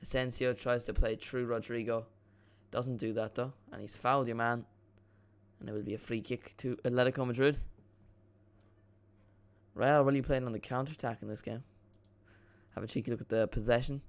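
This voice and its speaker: A man's voice: mid-range voice, steady tone, moderate pace, clean tone. Chatty young man calling a match. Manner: chatty, swearing, self-mocking asides. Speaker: watchalong streamer. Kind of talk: casual live match commentary.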